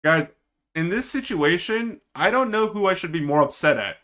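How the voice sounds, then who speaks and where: Man streaming, exasperated ranting, high bright voice, very lively. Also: normal speed. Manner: animated, exasperated ranting at players. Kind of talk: live stream reaction to an esports match.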